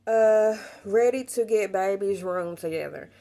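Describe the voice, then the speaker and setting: A young adult woman chatting casually to camera as a pregnant vlogger, telling stories in a warm, talkative way with bits of Southern slang. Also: medium pitch, measured pace.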